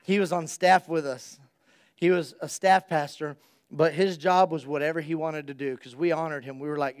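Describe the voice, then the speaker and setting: A male pastor giving an energetic, conversational sermon and speaking straight to his congregation. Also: a little high, moderate pace, clean tone.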